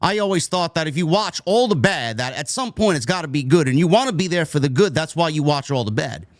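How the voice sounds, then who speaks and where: A man's voice: fairly high pitch, a little fast, no room sound. A man with a New York accent hosting a casual wrestling review podcast. He rants, swears freely and ends his lines with "man" and "bro". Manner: animated, swears a lot, says "man" and "bro". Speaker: show host.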